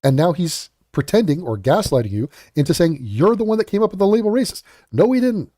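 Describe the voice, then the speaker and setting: Male reaction host, mocking and sarcastic, swings his pitch a lot, warm dry sound. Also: big pitch swings, a little fast, no room sound. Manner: sarcastic, mocking, swears, mimics others. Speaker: commentary host. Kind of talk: reaction commentary.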